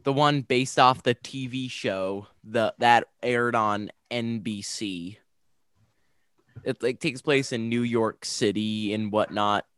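A young man co-hosts a casual podcast about games, talking enthusiastically but slowly and rambling with frequent restarts. His medium-pitched voice is a bit bright and clean, in a clean studio recording with no room sound.

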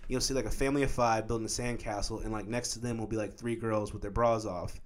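A man's voice: on the low side, fairly even intonation, fast talker. A man telling a comic story in casual conversation as a guest, loose and profane, full of likes and rights. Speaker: filmmaker guest.

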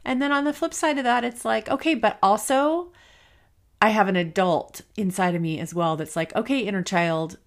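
Her mid-range voice moves at a moderate pace as this forties-aged woman, hosting her own podcast, opens up candidly. It's personal solo talk, emotional and thought out aloud, and she's close to tears, trying not to cry.

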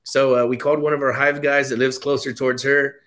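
A man in his forties, a podcast host telling a story in casual chat, animated and acting out bits of dialogue. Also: mid-range voice, brisk. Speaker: podcast host, land investor.

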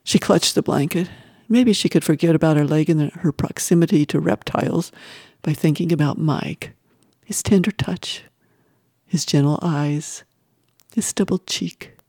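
A woman reading a novel aloud in measured, expressive audiobook narration, sometimes dropping to a whisper. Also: sits low, breathy edge, no echo, clean studio sound. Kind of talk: scripted narration.

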